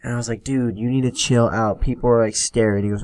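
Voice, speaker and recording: A man's voice: medium pitch, fairly even intonation, quick pace, few pauses, no echo. A young man hosting a podcast, casually telling stories, swearing freely and acting out quoted lines. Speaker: podcast host. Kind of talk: solo storytelling podcast.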